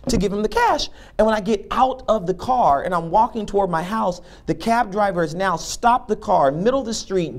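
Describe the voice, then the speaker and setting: A man and professor giving a motivational talk, telling a humorous story and acting out the dialogue. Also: sits high. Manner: animated, humorous, acts out dialogue. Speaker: keynote speaker and professor.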